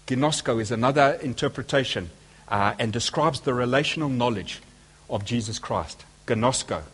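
A man's voice: medium pitch, normal speed, slightly rough. A man preaching a sermon, speaking emphatically and asking his listeners rhetorical questions.

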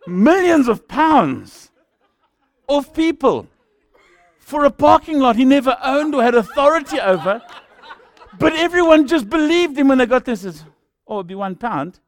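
A man's voice: very high-pitched, sing-song, moderate pace. A man with a South African accent preaching a sermon as a jokey storyteller who acts out the people in his stories.

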